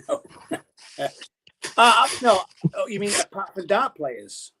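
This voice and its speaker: Man, podcast guest, casual chat, rambling, higher voice. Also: big pitch swings, slow pace, sharp tone, slightly rough. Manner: chatty, rambling with many restarts. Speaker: podcast guest, darts journalist.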